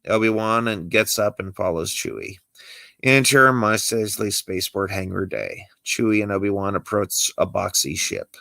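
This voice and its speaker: A man reading out the stage directions of his own fan script, lively and uneven with small slips. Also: lowish voice, a little slow, gravelly, no echo. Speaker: script reader.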